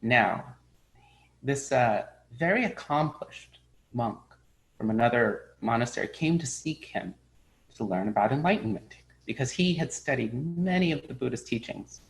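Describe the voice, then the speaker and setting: Man, middle-aged, Buddhist teacher, animated storytelling talk, medium pitch. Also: gravelly, low-quality recording. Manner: animated storyteller, acts out characters' lines. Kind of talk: spoken dharma talk with storytelling.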